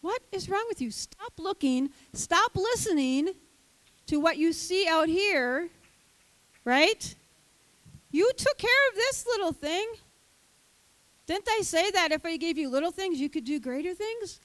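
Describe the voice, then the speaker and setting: A woman puts on the voice of God as a stern, loving father, scolding with exasperated questions. The voice sits high and moves unhurriedly, and it sounds close and dry. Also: expressive, a little slow, long pauses, a bit bright, no echo, exaggerated voice. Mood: chiding.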